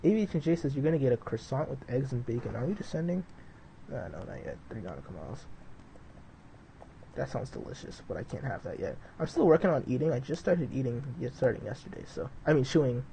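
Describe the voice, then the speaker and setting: A young man in casual live-stream chat, wandering from flight checks to talk with his viewers. His voice is warm and mellow at an ordinary middle pitch. He rambles loosely, leaning on "dude" and "like". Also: vocal fry, slight background noise, poor audio.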